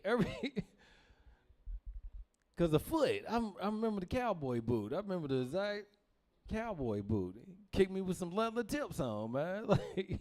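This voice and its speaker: Animated high-voiced male comic. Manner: animated, laughs through lines, acts out family members. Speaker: stand-up comedian. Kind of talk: stand-up storytelling.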